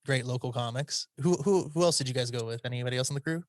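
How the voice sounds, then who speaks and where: A man's voice: mid-range voice, fast talker, no echo. A man hosting a podcast, asking eager, upbeat questions in a casual interview. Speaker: podcast host.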